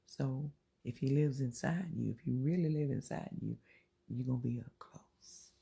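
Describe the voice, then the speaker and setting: Very husky, gravelly faith encourager. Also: mid-range voice, moderate pace, mellow. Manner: earnest and preachy, repeats phrases, drops into whispers for emphasis. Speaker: channel host sharing faith encouragement. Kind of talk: informal inspirational faith talk.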